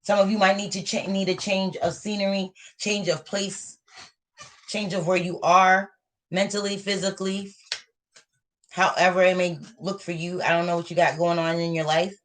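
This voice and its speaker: A woman's voice: fairly low pitch, flat delivery, normal speed, a bit bright. A woman giving a live tarot reading to viewers, talking in a motivational way and repeating her points for emphasis. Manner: repetitive, motivational, affirming. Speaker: tarot reader.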